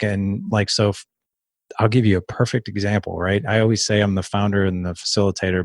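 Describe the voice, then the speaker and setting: A man in his thirties, a guest on a podcast, telling a personal story in casual talk and acting out quotes with sudden jumps in pitch. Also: no room sound, clean studio sound. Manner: animated, acts out quotes with sharp pitch jumps. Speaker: podcast guest, founder of a fathers' community.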